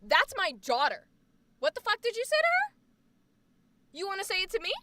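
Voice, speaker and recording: A woman voicing a brash, protective young mother, loud and confrontational. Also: extremely high pitch, huge pitch swings, normal speed, heavy background noise, pitched above the performer's own voice, exaggerated voice.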